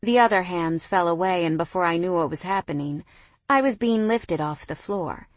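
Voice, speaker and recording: A young woman narrating a first-person romance audiobook, reading the dialogue with expressive emotion. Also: lowish voice, moderate pace, no echo.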